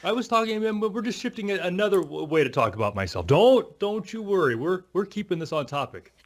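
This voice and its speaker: A man's voice: high-pitched, lively intonation, fast talker. A man co-hosting a tech podcast, talking in a rambling, self-mocking, chatty way. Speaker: podcast co-host. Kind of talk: casual tech podcast chat.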